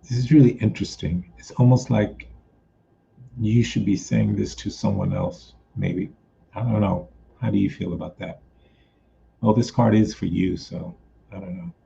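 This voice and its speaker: A man reading cards for viewers in a casual live stream, talking slowly with many pauses. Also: on the low side, vocal fry, dark tone. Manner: slow, drawn-out delivery with frequent pauses. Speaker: psychic medium doing card readings. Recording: dull lo-fi sound with faint noise.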